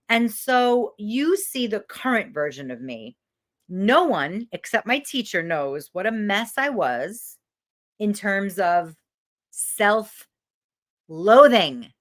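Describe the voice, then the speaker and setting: A middle-aged woman, a confidence coach, leading a live online masterclass in an emphatic, sassy, animated way. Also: mid-range voice.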